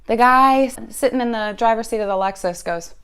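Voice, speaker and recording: A woman giving a casual fan reaction, telling a story in a wry, profane, animated way. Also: a little high, moderate pace, clean tone. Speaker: sports fan vlogger.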